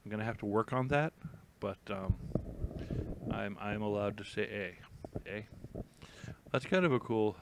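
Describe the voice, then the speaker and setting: A man's voice: on the low side, moderate pace, background noise. A man hosting a casual live stream, reading headlines aloud with rambling, jokey, self-mocking asides.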